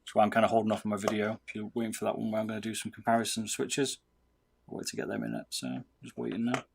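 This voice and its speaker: A man's voice: fairly low pitch, fast, vocal fry, slight background noise. A British man chatting casually with viewers on a livestream while soldering, calling people "mate". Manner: chatty, talks to viewers, says "mate" a lot. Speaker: livestreamer modding gaming mice.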